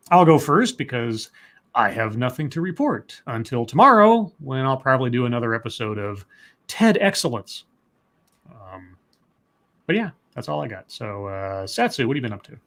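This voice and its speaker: A man's voice: mid-range voice, big pitch swings, normal speed, fairly bright tone. A man co-hosting a casual livestream, reading news stories aloud and rambling on with chatty asides and fillers.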